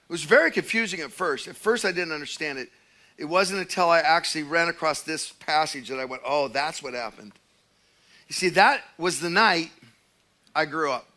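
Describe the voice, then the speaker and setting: Male pastor, 50s, high and bright tone, animated sermon delivery. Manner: animated storytelling with acted quotes.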